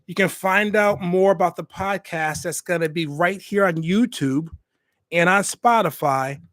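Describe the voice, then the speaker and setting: In a casual livestream, the host of a hospitality YouTube channel speaks directly to his viewers, emphatic and repeating phrases for weight. He has a high, slightly bright voice and talks a little slowly. His USB desk microphone gives studio quality with no echo.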